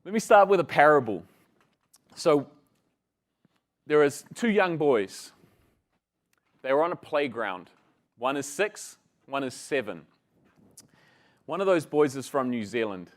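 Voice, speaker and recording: Casual male speaker with a slightly high voice, audience-engaging conference presenter. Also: big pitch swings, unhurried, long pauses. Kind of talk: conference talk with storytelling.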